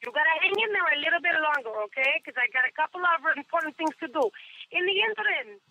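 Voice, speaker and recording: A woman's voice: high-pitched, lively intonation, fast, bright, forceful tone, full character voice. A comedian voicing a brash, boastful female showbiz agent who talks in streetwise, clipped patter over a telephone line. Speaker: comedian doing a character.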